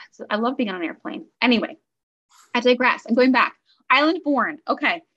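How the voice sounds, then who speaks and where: A woman's voice: medium pitch, fairly bright tone, muffled recording. A woman from Canada co-hosting a book podcast, chatting enthusiastically and rambling with fillers and asides. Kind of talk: casual book review chat.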